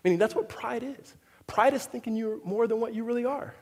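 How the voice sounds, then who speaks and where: A man preaching a sermon as pastor, animated, often restarting and acting out the voices he quotes. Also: extremely high pitch, fairly quick, husky. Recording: reverberant hall.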